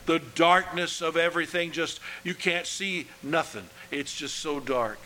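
A man preaching a sermon in a slow, earnest way, letting his phrases drop softly at the ends. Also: a little high, a little hiss or hum, poor audio.

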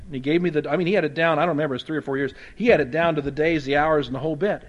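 A Baptist pastor preaches in a folksy, conversational way, dropping in humorous asides and shifting between loud emphasis and soft, quiet stretches. His voice is a little high, and he races along with few pauses; the high frequencies are cut off.

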